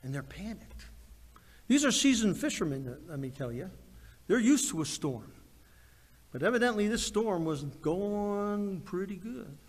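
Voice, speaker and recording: A man delivers a sermon in a high, unhurried voice. He swings from ringing emphasis to hushed, almost whispered asides. His words trail off into the long reverb of a big hall. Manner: animated preaching, swings from loud to hushed. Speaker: pastor.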